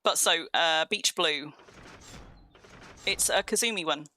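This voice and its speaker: A woman's voice: sits low, slow, bright, forceful tone, a little hiss or hum. A young adult woman streaming a game, rambling cheerfully through a tour and answering her viewers' chat as she goes.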